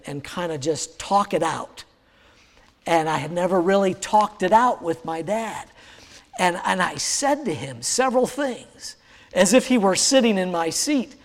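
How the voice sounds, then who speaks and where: A man in his sixties with a high voice for a man, preaching a sermon. He tells a personal story in a halting, searching way, full of fillers and restarts. His voice rings out with a long reverb from a large church hall. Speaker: pastor.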